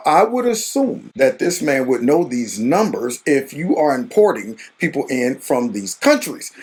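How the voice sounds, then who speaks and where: A man hosting a reaction commentary, animated and sarcastic, talking back at the footage. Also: a little high. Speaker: commentary channel host. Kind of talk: reaction commentary on a hearing clip.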